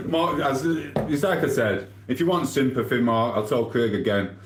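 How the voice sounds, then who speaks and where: This Englishman speaks with a Sheffield, Yorkshire accent as he casually goes through viewer comments on a live stream, rambling, bantering, and laughing. His mid-range voice moves slowly, sounding reverberant with background noise.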